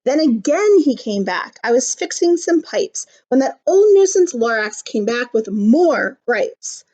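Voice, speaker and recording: A woman reading a rhyming picture book aloud to children, pausing to explain things in simple words. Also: high voice, very animated, dark tone. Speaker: storybook reader. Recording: slightly muffled recording.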